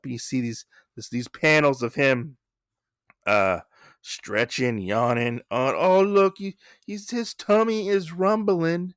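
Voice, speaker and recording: A man's voice: mid-range voice, vocal fry, a bit bright, no echo, clean studio sound. A man hosting a podcast, recapping a comic in a rambling, casual way, swearing now and then. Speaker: podcast host.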